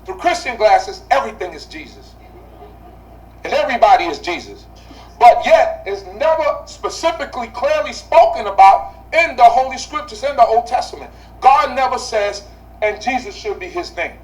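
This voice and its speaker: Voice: mid-range voice, animated, moderate pace, distant mic, rough recording. A Bible study teacher speaking to a class, asking rhetorical questions and repeating key phrases for emphasis.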